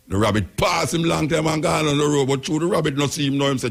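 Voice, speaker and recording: Husky Jamaican man musing on air. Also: on the high side, quick pace, hardly any pauses. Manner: rhetorical questions, repetition, speaks in patois. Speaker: radio talk show host. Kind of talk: spoken commentary on a radio talk show.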